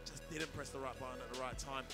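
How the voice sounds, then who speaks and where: A man's voice: mid-range voice, steady tone, fast talker, over loud music. A man doing casual live esports commentary, full of cheeky, joking banter with his co-caster.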